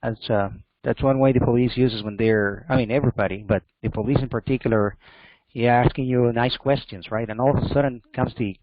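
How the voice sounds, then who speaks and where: A man on a mentorship panel, talking in a halting, casual way. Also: mid-range voice, steady tone, dry recording, lo-fi sound. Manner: halting, with fillers and restarts. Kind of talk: casual discussion.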